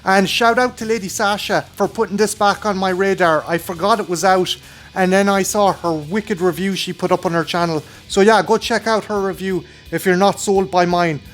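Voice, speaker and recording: A man's voice: high-pitched, normal speed, fairly bright tone, faint music behind. An Irish man hosting his own film review channel, talking casually and enthusiastically with plenty of swearing. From Ireland.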